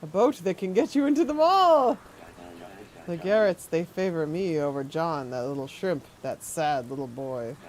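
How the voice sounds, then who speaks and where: A woman's voice: low-pitched, animated, normal speed, a little mellow. A woman reading as a creepy old man. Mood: menacing. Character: creepy older man, unsettling self-appointed guardian. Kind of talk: reading game dialogue aloud.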